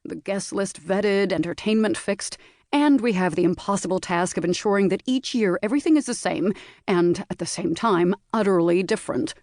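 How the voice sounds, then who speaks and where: A woman's voice: mid-range voice, normal speed, a little mellow, no room sound, clean studio sound, close to an everyday voice. A woman narrator voicing a flustered middle-aged male secretary organizing a society party, in a polite, formal manner.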